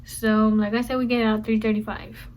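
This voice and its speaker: A woman's voice: a little high, little pitch movement, moderate pace, darkish tone, low-quality recording. A young woman vlogger telling a rambling school story in casual storytime style, repeating herself as she goes. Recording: faint background noise.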